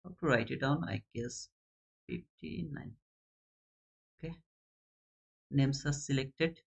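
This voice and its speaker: A man with a South Asian English accent hosting a live stream, chatting casually and reading names aloud with excited bursts. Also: medium pitch, slow, creaky, pauses often, husky. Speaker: trading channel host running a giveaway.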